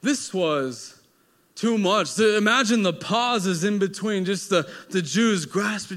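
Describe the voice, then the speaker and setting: A male pastor preaching a sermon with dramatic storytelling, swinging between loud emphasis and hushed moments. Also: high-pitched, lively intonation, slow pace.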